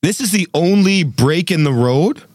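A young man telling a story in casual chat, animated and acting out quotes, with frequent laughs. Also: high voice, normal speed, dry recording, studio quality. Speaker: podcast co-host telling a story.

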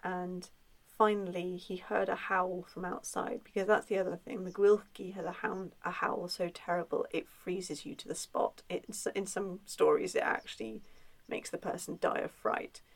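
A woman telling a spooky folk tale in a relaxed, chatty way, with frequent filler sounds. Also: lowish voice, moderate pace, gravelly, rough recording. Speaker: storyteller. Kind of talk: conversational folklore storytelling.

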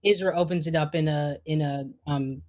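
A woman's voice: low-pitched, fairly even intonation, normal speed, a little mellow. A woman narrating as game master, loose and hesitant with many fillers.

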